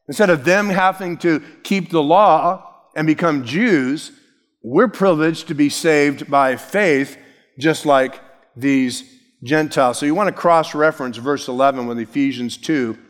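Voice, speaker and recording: Man, pastor, preaching a sermon, emphatic, leans on key words, slightly high voice, echoing church hall. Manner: emphatic, varying pace, stresses key words. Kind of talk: expository sermon.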